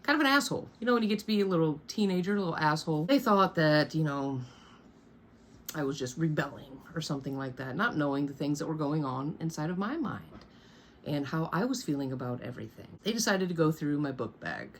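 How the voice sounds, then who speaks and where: A woman in her thirties with a low voice tells her own story straight to a phone camera in her bedroom. She talks bluntly, swears freely and drops wry asides. A faint hiss sits under the voice. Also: animated, fairly quick. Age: 30s. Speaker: storyteller vlogger. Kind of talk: candid personal storytime. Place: bedroom at home.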